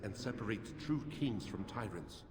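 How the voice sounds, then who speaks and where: A man's voice: lowish voice, lively intonation, moderate pace, darkish tone, a little hiss or hum, lightly acted. A man voicing a somber, penitent ghost. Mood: remorseful. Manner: somber, remorseful, riddling. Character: penitent ghostly male sinner, remorseful. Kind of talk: game voice acting. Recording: long game reverb with ambience.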